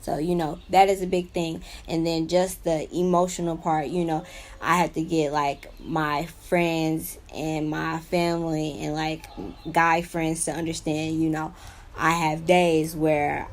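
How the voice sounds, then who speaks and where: A woman's voice: deep voice, little pitch movement, a little slow, slight background noise. A young woman talking earnestly about her own life in a rambling personal vlog, full of "you know" and "like". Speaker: vlogger sharing her own illness. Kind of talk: unscripted personal vlog talk.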